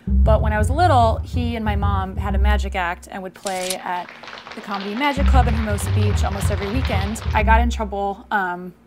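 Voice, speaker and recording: A young woman tells a comic story about her childhood with a dry, deadpan wit and throws in casual asides. She speaks at an even middle pitch. Music plays steadily underneath her voice. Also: a little fast. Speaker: comedian. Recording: music playing behind.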